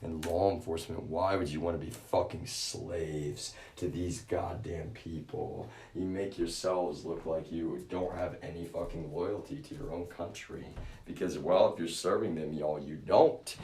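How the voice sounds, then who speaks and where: A man's voice: low voice, steady tone, a little slow, mellow, distant mic. A man ranting on a live stream, agitated and profane, speaking straight to his viewers. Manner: agitated, profane, keeps addressing viewers as y'all.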